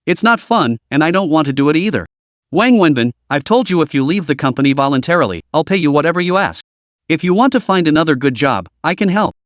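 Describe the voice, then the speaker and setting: A curt, commanding young businesswoman, voiced by a man in an animated lilting read. She gives orders in a stern, clipped way, set against a dry close sound. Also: fairly high pitch, quick pace, no room sound, close to an everyday voice. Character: cold, stern young woman company executive.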